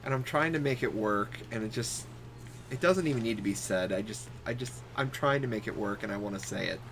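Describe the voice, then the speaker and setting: A man's voice: lowish voice, fairly quick, gravelly, fairly bright tone, a little hiss or hum. A man chatting casually with a friend while playing a game online, joking and laughing often. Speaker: gamer streamer. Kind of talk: casual chat while gaming.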